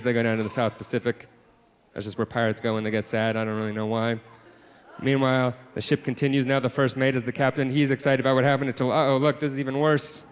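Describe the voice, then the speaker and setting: A man, a children's author, telling a story live to a family audience, swinging from hushed deadpan asides to loud exclamations. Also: mid-range voice, fast, smooth, in a large hall. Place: library event space.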